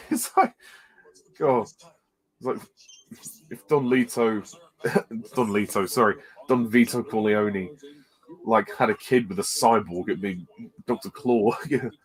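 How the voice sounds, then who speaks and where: A man doing casual film commentary, sarcastic and quick to laugh. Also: on the low side, rough recording. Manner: giggly, sarcastic.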